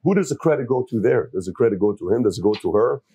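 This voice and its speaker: A man's voice: lowish voice, animated, fast, dark tone, slightly rough, dry recording. A man hosting a casual interview, rambling and repeating words as he searches for his point.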